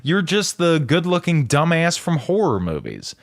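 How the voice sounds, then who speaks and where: A man's voice: moderate pace, vocal fry. A man co-hosting a casual movie podcast, teasing his partner and swearing freely. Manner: lively, profane, teasing banter with swings in pitch. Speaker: podcast co-host.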